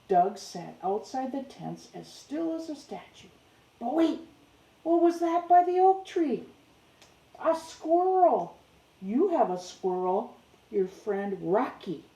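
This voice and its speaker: Slow mellow young woman reading a kids book, keeps chatting to her dog, roomy sound. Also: on the high side, creaky. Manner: breaks off to talk playfully to her dog. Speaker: storyteller reading a picture book aloud. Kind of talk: children's book read-aloud.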